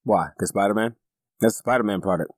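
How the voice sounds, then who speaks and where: A man co-hosting a casual movie review podcast, talking in an animated way, laughing often and swearing casually. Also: on the low side, fast talker, dry recording, clean studio sound. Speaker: podcast co-host.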